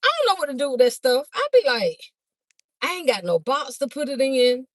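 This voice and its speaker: A woman chatting fast on a phone livestream to her viewers, a bit out of breath as she walks from a car through a garage into a house. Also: sits high, animated, dry recording. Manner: chatty, talks fast to viewers, calls them "y'all". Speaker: livestream host and vendor. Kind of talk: casual livestream chat to viewers. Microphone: phone held by hand.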